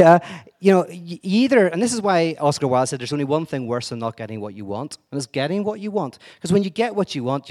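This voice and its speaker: A man giving an energetic, digressive lecture-style talk, full of wry asides and restarts. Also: mid-range voice.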